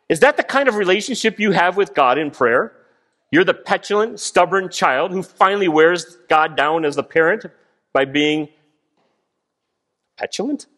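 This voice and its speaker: A man preaching a sermon, animated, acting out voices as he explains a passage. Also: high-pitched, moderate pace. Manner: animated, acts out voices of God and people. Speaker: guest preacher.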